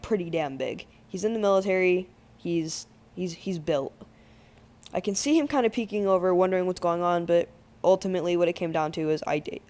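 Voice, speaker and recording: A man recounting a story in a loose, casual way, peppered with slang and curse words. He piles on fillers and plays things up with big exaggerations. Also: high-pitched. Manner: slangy, swears freely, lots of "like"; animated, exaggerated retelling. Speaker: gaming channel host.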